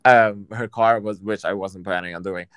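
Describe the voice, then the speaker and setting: A man in casual chat, telling a story in an animated, profane and sassy way. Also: lowish voice, normal speed, clean tone, no room sound.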